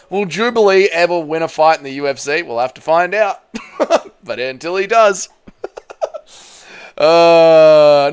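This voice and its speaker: Bantering young male livestream host. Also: a little high. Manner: bantering, answers chat, slangy with "mate" and "bro". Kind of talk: casual livestream chat.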